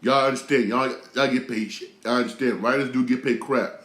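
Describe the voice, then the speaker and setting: A man in his thirties rants as the host of his own talk show, his voice heated and full of slang, circling back over the same phrases. He speaks at a middle pitch, and the room around him rings with a noticeable echo. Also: steady tone, a little fast, a bit bright. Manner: repetitive, heated, slangy, many restarts. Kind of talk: casual rant commentary.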